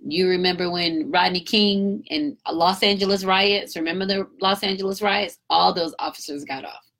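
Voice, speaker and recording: Woman, husky, gravelly, emphatic casual monologue. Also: on the low side. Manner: emphatic, animated storytelling with acted-out quotes. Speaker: parent.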